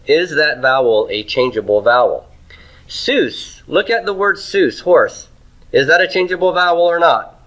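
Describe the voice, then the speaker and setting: A man's voice: on the high side, lively intonation, measured pace, a bit bright, rough recording. A man teaching Hebrew grammar to a class. He writes on a board as he goes, asks students questions and keeps checking in with "okay?" and "right?". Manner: asks the class questions and answers them himself; writes on a board while he talks.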